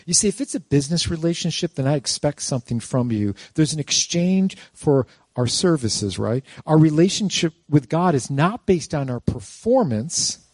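A man preaching a sermon as pastor, lively and quizzing his congregation with rhetorical questions, breaking into playful jokes. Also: on the high side, moderate pace, hardly any pauses, dry recording.

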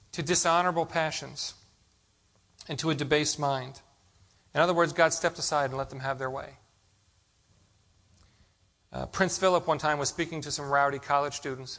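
A male pastor delivers a sermon in a voice pitched a little above the usual for men. He leans on rhetorical questions and tells stories to carry his points. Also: fairly bright tone. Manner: preaching with rhetorical questions and storytelling.

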